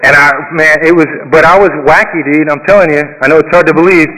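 A man's voice: fairly high pitch, fairly even intonation, quick pace, background noise. A middle-aged man shares a rambling personal recovery story, full of fillers and acted-out quotes. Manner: rambling, many fillers, acts out quoted dialogue. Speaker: recovery meeting speaker. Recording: reverberant hall sound.

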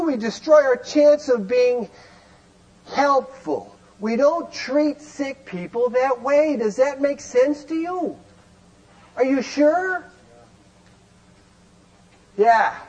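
High-voiced folksy man teaching a group. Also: expressive, slow pace, long pauses, muffled recording. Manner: folksy, emphatic, rhetorical questions. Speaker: recovery meeting speaker. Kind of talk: animated teaching talk.

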